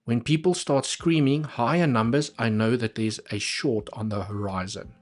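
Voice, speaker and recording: Pitched in a middle range, a man's voice talks through trading charts on a live stream in a relaxed, chatty way, going back over key points to stress them.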